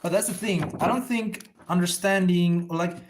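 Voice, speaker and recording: A man with a somewhat high voice chats to his viewers while inking comic pages. He thinks out loud, drifts between topics and swears freely, never breaking from the drawing. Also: normal speed, a little hiss or hum. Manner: loose, profane, thinks aloud and answers viewers. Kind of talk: casual rambling livestream chat.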